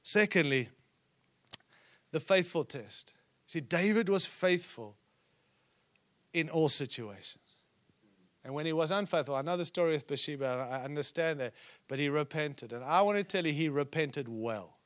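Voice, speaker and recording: A man preaching a sermon at a conference, acting out scripture quotes and dropping to a hush at times. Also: on the high side, animated, normal speed, pauses often. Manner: preaching with sudden drops to a hushed voice; acts out quoted speech from scripture stories. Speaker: conference speaker. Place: conference hall.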